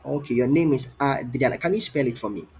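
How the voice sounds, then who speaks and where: A man's voice: medium pitch, lively intonation, fast talker, a little mellow, breathy edge. A man teaching an online English trial lesson over a video call, encouraging and asking many questions, often repeating his phrases. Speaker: English tutor.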